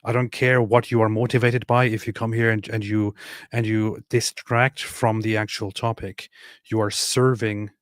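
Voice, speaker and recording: A man hosting a podcast, giving opinionated commentary in a forceful, insistent way and repeating points for emphasis. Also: on the low side, level tone, moderate pace, dry recording, clean studio sound.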